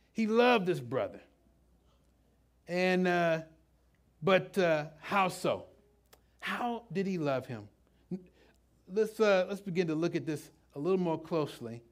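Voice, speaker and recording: A middle-aged man preaching a sermon in a conversational, halting way, full of restarts and asides. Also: high voice. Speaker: pastor.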